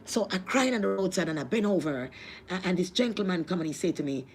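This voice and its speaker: A woman's voice: fairly low pitch, lively intonation, fast talker, darkish tone, a little hiss or hum. A woman with a Jamaican accent telling a personal testimony, emotional and repetitive, with religious appeals. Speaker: vlogger.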